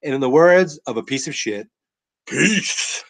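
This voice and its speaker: A man's voice: medium pitch, lively intonation, unhurried, vocal fry, fairly bright tone, dry recording, low-quality recording. Tipsy rambling male podcast host. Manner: rambling, self-mocking, a bit tipsy. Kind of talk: casual live-stream chat. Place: at home with family.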